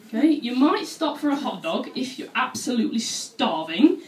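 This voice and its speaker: A woman performing a stand-up comedy routine, telling stories in a chatty, animated way and acting out other people's voices. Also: on the high side, moderate pace. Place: comedy club stage with audience laughter. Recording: roomy venue audio from a distance with faint noise.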